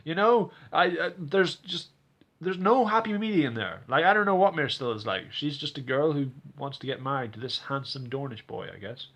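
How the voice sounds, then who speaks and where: A man talks through a TV episode in a loose, rambling recap, full of "you know" and restarts. His voice is bright and forward. Now and then he bursts into loud, high, exaggerated impressions of the characters. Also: fairly quick. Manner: animated, acts out characters' lines in exaggerated voices; rambling with frequent fillers and restarts. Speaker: TV episode reviewer. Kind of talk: casual recap and commentary.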